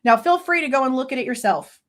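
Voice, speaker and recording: A woman's voice: sits high, lively intonation, fast. A woman ranting heatedly and cursing as a true crime commentator. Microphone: desk mic, faceless channel.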